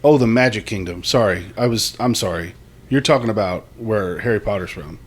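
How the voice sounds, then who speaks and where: Joking male podcast co-host, slightly low. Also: fairly quick, husky. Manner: jokey, playful banter. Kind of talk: casual chat.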